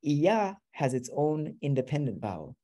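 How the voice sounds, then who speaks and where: A man's voice: on the high side, big pitch swings, moderate pace, warm tone. A man teaching a beginner class, explaining patiently step by step. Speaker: Arabic teacher.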